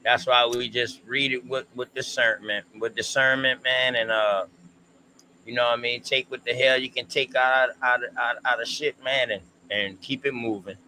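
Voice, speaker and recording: A man with a bright, forceful voice co-hosts a relaxed history stream. He talks in slang and draws out his thoughts, with faint noise underneath. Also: medium pitch, rough recording. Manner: laid-back, slangy, drawn-out. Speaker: co-host. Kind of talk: casual history discussion stream.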